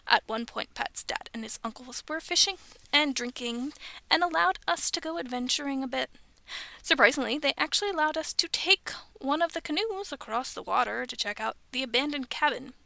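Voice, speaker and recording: A woman in her thirties reading scary stories aloud from home, breaking off for chatty, self-aware asides and soft whispered remarks. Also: high-pitched, lively intonation, fairly quick, gravelly, no echo. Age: 30s. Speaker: streamer reading online stories. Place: bedroom at home.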